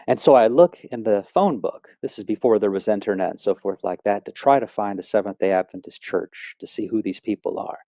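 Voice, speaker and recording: A man's voice: lowish voice, warm tone, no echo, clean studio sound. A middle-aged man telling his personal faith testimony in an earnest, rambling way, with many fillers and restarts. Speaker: speaker sharing a testimony.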